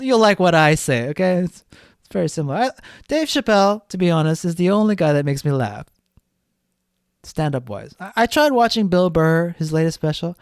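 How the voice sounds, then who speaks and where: A man's voice: high voice, smooth, no echo, clean studio sound. A man hosting a solo podcast, talking bluntly and rambling, with lots of swearing. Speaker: podcast host. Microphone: studio podcast mic.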